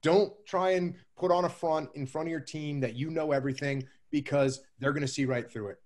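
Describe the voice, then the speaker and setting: A man answering interview questions about leadership in a measured, emphatic way, often repeating key phrases. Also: on the high side. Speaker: guest speaker on leadership.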